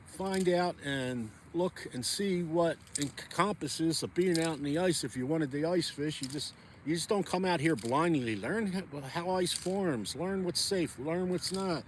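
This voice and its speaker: Casual man vlogging from a frozen pond, chatty and rambling, a touch high-pitched, faint wind and hum behind. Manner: chatty, rambling, talks to viewers while jigging. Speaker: ice fishing vlogger. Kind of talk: casual outdoor vlog chat.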